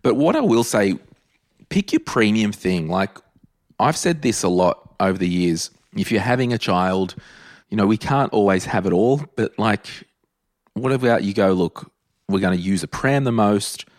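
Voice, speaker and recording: A man's voice: lowish voice, animated, moderate pace, no room sound, studio quality. An Australian man hosting a podcast in a casual, chatty way, leaning hard on repetition for emphasis. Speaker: podcast host. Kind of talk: casual solo podcast talk.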